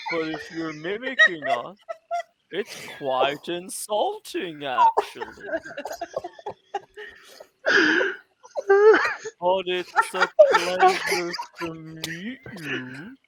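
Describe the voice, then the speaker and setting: A woman voicing a tree that speaks slowly and drawn out. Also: fairly low pitch, very animated, crowd noise, full character voice. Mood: wary. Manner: slow and drawn out. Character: slow-talking shy tree, mimicking speech.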